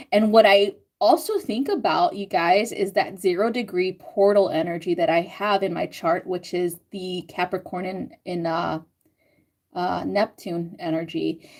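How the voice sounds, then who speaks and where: Woman, fairly low voice, casual live-stream chat, laughs a lot, swears freely. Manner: swearing, laughing, animated self-quotes. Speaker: astrology and tarot reader reading live chat.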